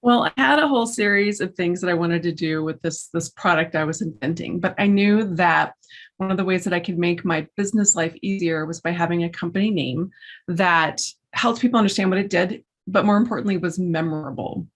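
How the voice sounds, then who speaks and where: A woman's voice: on the low side, a little fast. Chatty woman telling stories in an interview. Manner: chatty, animated storyteller. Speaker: guest, entrepreneur and classical musician. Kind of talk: casual interview chat.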